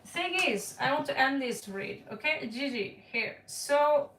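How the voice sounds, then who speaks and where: A woman talks slowly and bluntly through a casual tarot reading, playful and quick to laugh. Her voice sits a little high with a gravelly edge. She sounds set back from the mic in an echoey room. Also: animated, a bit bright, far from the mic, slight background noise. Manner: blunt and playful, laughs and repeats words for effect. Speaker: tarot card reader.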